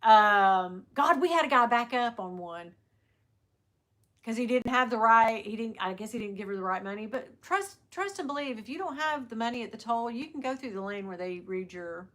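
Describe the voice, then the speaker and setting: A middle-aged woman hosting a livestream, chatting casually and telling lively stories, laughing often and mimicking the people she talks about. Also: a little high, normal speed. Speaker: livestream host. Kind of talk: casual chat to viewers.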